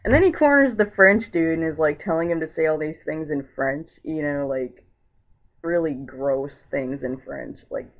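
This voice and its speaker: A woman's voice: deep voice, moderate pace. A woman giving a casual vlog movie review in a rambling, filler-heavy way, sounding exasperated. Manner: exasperated and indignant. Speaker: film reviewer. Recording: tinny, phone-like lo-fi sound.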